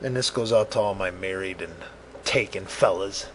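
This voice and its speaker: A low-voiced man hosts his podcast solo at a moderate pace, with slight background noise. Jumping from topic to topic, he curses freely, jokes at his own expense, and mentions being in a grumpy mood.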